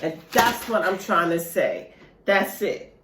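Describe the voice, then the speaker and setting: Taking it slowly in a lowish, very animated voice, a woman eats and chats on her mukbang vlog amid a noisy background and roomy echo. Her talk is loose and talkative, aimed straight at viewers with "y'all."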